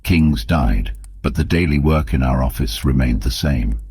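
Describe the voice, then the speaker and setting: A man reading an audiobook as narrator in steady, measured scripted narration, on a close mic. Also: rumbling low, slightly rough, no echo.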